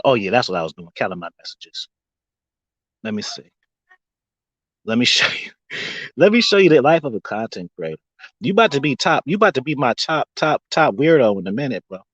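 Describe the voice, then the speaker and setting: Livestream host: husky man with a lively, swooping delivery, mocking and quick to laugh. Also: medium pitch, dry recording, low-quality recording. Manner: animated, mocking, laughs often between lines. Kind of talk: casual livestream rant.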